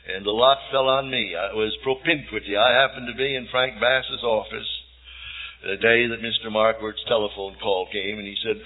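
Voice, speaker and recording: A man's voice: medium pitch, moderate pace. A man around seventy preaching a sermon, telling homespun stories with self-deprecating humor and building to fervent appeals. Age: about 70. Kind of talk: sermon, folksy storytelling and exhortation. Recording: tinny phone-like archive sermon tape.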